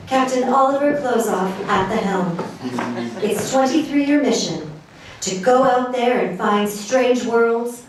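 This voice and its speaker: A woman narrating a mock space-adventure opening on stage in a grand, deliberate parody style. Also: fairly high pitch, darkish tone, a little hiss or hum. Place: small theater stage. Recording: echoey theater, distant mic.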